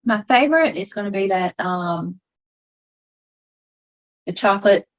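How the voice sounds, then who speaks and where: A woman chats as a podcast guest, homey and expressive, full of folksy sayings. Her pitch is ordinary. The sound is a little dull. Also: measured pace. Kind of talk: casual chat, taste-testing.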